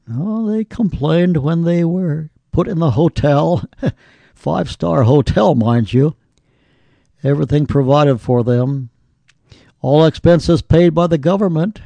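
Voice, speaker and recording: A man, likely older, preaching a sermon slowly and emphatically, with rising exclamations. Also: mid-range voice, creaky, dark tone, dry recording.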